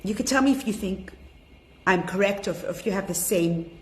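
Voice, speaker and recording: A woman's voice: medium pitch, fairly quick, slight background noise. A woman teaching a women's class online, chatting and greeting each attendee by name. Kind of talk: casual online class talk.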